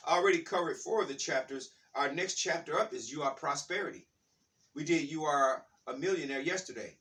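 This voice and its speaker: A man telling a rambling, animated story in a casual spiritual talk, with many restarts. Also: on the high side, brisk, far from the mic.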